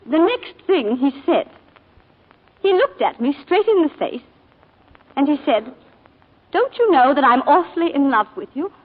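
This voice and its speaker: An actress in 1940s radio acting, playing a planter's wife who haltingly confesses a shooting and breaks down emotionally. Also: female voice, sits high, big pitch swings. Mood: shaken. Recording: narrow-band 1940s radio broadcast.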